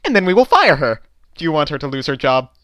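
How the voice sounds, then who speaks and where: A man voicing an officious, unhelpful female DMV clerk in a radio-play style, with a deadpan, condescending way of speaking. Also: fairly high pitch, fast talker, no echo. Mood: smug bureaucratic. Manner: deadpan, pedantic, coolly condescending. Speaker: voice actor. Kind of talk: amateur voice-over radio-play acting.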